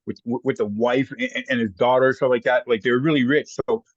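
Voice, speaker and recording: Canadian male guest, fast, lively raconteur, dry dull recording. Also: mid-range voice, no echo. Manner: animated anecdotes, acts out quoted voices. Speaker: guest, former hockey player. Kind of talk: casual storytelling.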